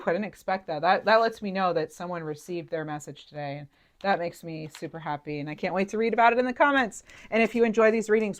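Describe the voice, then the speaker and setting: A woman with a low voice reads tarot cards for her viewers in a loose, chatty way. She thinks aloud, circles back with fillers, and lets her feelings show. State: near tears at moments. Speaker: tarot reader. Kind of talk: intuitive tarot reading to camera.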